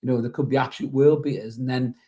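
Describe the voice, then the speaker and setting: A man's voice: medium pitch, fairly even intonation, quick pace, dark tone. Chatty man, football podcast host. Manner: rambling, peppered with "you know", reads out viewer messages. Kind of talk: casual fan podcast chat.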